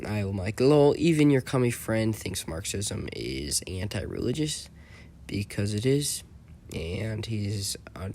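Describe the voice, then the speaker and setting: A man's voice: mid-range voice, creaky, a little mellow, a little hiss or hum. A man talking over screenshots in a rambling, mocking, self-assured commentary voice-over. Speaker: channel host.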